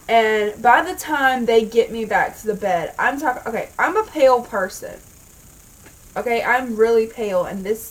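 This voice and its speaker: A woman vlogger telling a story in a casual, exasperated and rambling way, swearing freely. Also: on the high side. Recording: voice a bit far from the mic.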